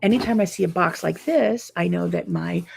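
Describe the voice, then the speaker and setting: A woman's voice: fairly low pitch, normal speed, creaky, slight background noise. A woman who teaches quilting, chatting casually to viewers in a live update, tired and yawning from lack of sleep.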